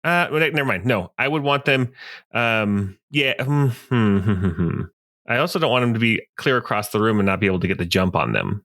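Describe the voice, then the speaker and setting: A man's voice: lowish voice, animated, brisk, fairly bright tone. A man playing a tabletop role-playing game, thinking aloud as he plans his character's moves. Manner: thoughtful, planning aloud. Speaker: player. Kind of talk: casual tabletop play.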